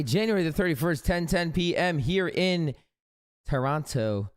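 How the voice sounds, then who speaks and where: A man hosting a casual live stream, out of breath, greeting viewers with energetic slang. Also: a little high, measured pace, clean tone. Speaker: livestream host. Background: faint background music.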